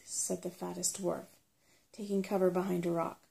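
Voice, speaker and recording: A woman with a mellow, darker voice reads a storybook aloud in soft-spoken ASMR style. Her tone is calm and gentle, with a gravelly edge, and it has the unhurried pace of a relaxing read. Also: on the low side, rough recording. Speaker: ASMR reader.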